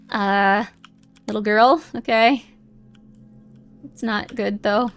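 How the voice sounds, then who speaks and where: A woman's voice: medium pitch, steady tone, slow pace, pauses often, faint music behind. A woman streamer giving rambling, chatty commentary on a live game and reading its text aloud.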